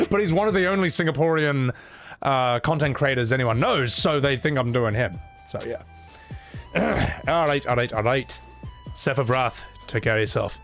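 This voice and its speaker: A man's voice: mid-range voice, moderate pace, a bit bright, faint music behind. A man streaming live, reading out chat messages and answering in a rambling, casual way with lots of fillers and chuckles.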